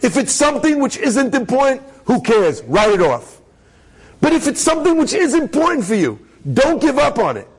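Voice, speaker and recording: A man's voice: extremely high pitch, measured pace, slightly rough, pitched above the performer's own voice, heavily acted, low-quality recording. A man putting on an earnest, pleading young woman.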